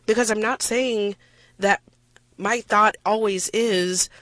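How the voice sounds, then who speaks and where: A woman's voice: mid-range voice, steady tone, slow pace, a bit bright, dry recording. A woman hosting a radio discussion, talking with passion and emphasis and tossing in self-deprecating asides.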